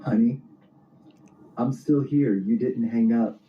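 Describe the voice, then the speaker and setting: A man doing a deadpan, wounded husband. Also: medium pitch, slow pace, a little hiss or hum, voice pushed up, natural voice. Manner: flat, deadpan. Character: calm, wounded husband on a video call. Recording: dull, roomy clip.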